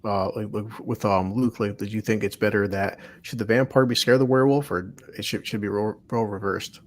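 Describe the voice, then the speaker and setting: A man in a casual podcast chat, laid-back and agreeable, quick to laugh. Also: lowish voice, steady tone. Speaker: podcast co-host.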